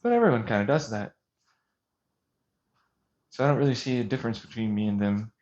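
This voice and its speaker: A man delivers an intense vlog rant, agitated and sarcastic, firing off one pointed question after another. His pitch sits in a middling range, and the recording sounds dull and lo-fi. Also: expressive, brisk, darkish tone. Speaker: vlogger.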